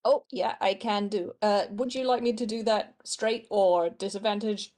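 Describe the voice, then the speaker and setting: Joking woman player at a tabletop game, giggly, medium pitch, casual. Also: fairly even intonation, normal speed, darkish tone. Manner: giggly, joking, laughs often.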